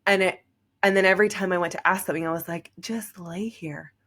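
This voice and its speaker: A woman's voice: lowish voice, little pitch movement, racing, fairly bright tone. A young woman hosting a podcast, telling a personal story in a casual, chatty way, full of "like.". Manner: chatty, heavy use of "like". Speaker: podcast host.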